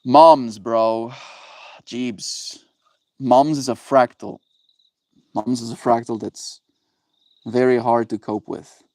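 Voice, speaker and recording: A man's voice: medium pitch, steady tone, slow, long pauses, warm tone, no echo. A man chatting casually with his live-stream viewers, playful and rambling, often checking in with "right?". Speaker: livestreamer reading chat.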